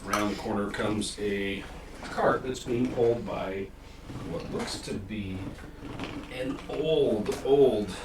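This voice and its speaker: A man's voice: on the low side, takes it slowly. A man running a tabletop game as game master, describing scenes in a loose, rambling way. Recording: roomy, distant, noisy room mic.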